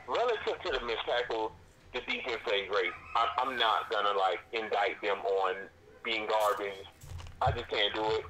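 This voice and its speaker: A man's voice: medium pitch, moderate pace, noisy background. A man calling in to a sports stream, ranting emphatically and in exasperation and repeating himself. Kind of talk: passionate fan rant.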